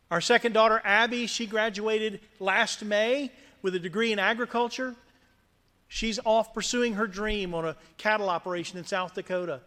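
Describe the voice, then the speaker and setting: A middle-aged man with a South Louisiana accent, giving an earnest, gently humorous prepared speech at a reception. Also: sits high. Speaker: scholarship recipient speaker. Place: large community center hall. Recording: reverberant hall.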